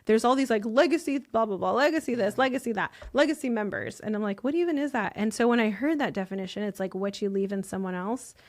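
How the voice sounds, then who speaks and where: A woman's voice: a little high, fast talker, few pauses. A woman in her thirties, a guest on a business podcast, talking candidly and emotionally, full of "like" fillers. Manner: emotional, effusive, lots of "like" fillers.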